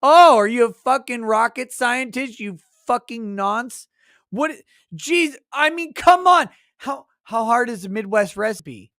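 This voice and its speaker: A man's voice: extremely high pitch, measured pace, sharp tone, no room sound. A man holds forth on a livestream in a loose, profane rant. He is mocking and exasperated, swearing freely. The sound is dry, with no room around it. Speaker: livestream host.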